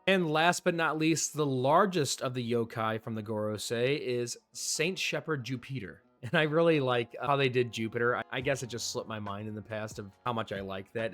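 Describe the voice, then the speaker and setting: Male host, mid-pitched and chatty, enthusiastic casual commentary with faint guitar music underneath. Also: fairly bright tone. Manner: chatty, enthusiastic, with small restarts. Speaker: manga review host.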